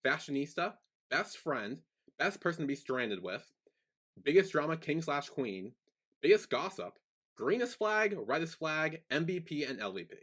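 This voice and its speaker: Lively young man chatting on a podcast. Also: on the high side, normal speed. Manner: rambling, filler-heavy, animated. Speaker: podcast co-host. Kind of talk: casual chat.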